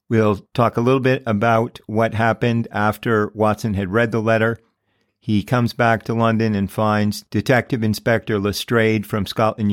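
A man hosting a podcast, retelling a story in a relaxed conversational way with small restarts. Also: on the low side, dry recording, studio quality. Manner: conversational, with frequent restarts and fillers. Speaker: podcast host.

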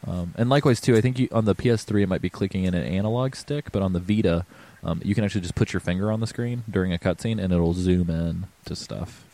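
A man with a fairly low voice hosts a casual chat about a game. He explains details in a relaxed, loose way and fills pauses with ums. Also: no echo. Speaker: podcast host.

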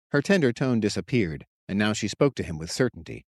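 A man reading his own story aloud in steady, measured audiobook narration. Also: lowish voice, no room sound, clean studio sound. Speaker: author and narrator.

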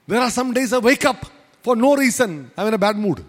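A man's voice: very high-pitched, animated, a little fast, big-room sound. A man preaching a sermon as pastor, emphatic and repetitive, with many rhetorical questions. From India.

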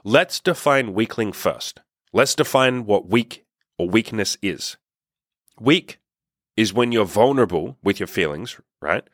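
A blunt young man talks straight into a dry, close microphone with no room sound, pushing his points hard and swearing casually. His voice sits fairly low, and the delivery is an emphatic podcast monologue. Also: expressive, a little slow, fairly bright tone, no room sound. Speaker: podcast host. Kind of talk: motivational monologue.

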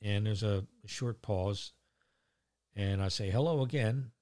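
A man's voice: fairly low pitch, monotone, takes it slowly, a little mellow, clear, resonant tone. A middle-aged man telling a casual, rambling story about his day, full of fillers and casual swearing. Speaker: vlogger.

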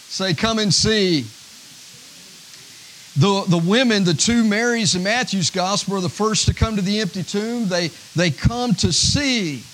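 A male pastor preaching a sermon, with a preacher's rhythm that rises to shouts and drops to near-whispers. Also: high voice, slight background noise, poor audio.

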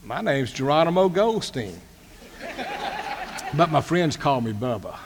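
A man quoting a nervous single man in his thirties as he tries to get a date, in a lowered, quieter voice, with long hall reverb. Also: big pitch swings, unhurried, a crowd in the background, noisy background.

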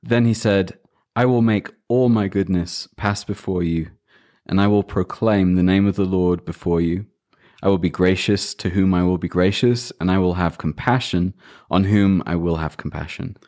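Low-voiced accented man reading scripture. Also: normal speed, darkish tone. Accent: non-American. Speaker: podcast co-host.

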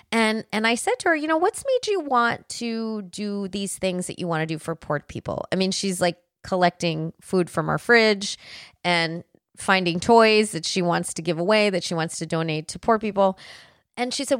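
A woman's voice: medium pitch, expressive, normal speed, dry recording, studio quality. A woman in her forties hosting a podcast, telling family stories in an earnest, conversational way with frequent restarts. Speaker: podcast host. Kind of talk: casual podcast monologue.

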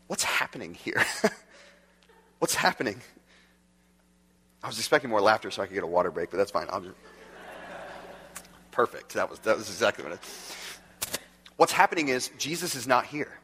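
A male pastor giving a conversational, animated sermon, laughing often and reading scripture aloud. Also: lowish voice, normal speed, long pauses, big-room sound.

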